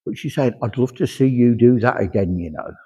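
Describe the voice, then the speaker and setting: A man working as a medium at a church service, chattily passing on spirit messages with a steady run of "he says". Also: mid-range voice, a little fast, husky. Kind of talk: platform mediumship demonstration. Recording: echoey hall, dull lo-fi sound.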